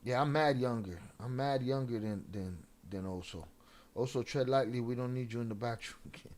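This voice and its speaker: A man's voice: mid-range voice, moderate pace, a little mellow. A young adult man hosting a livestream, ranting profanely at commenters and mixing in Spanish slang. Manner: profane, confrontational, talking back to chat. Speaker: livestream host. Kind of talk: casual livestream rant.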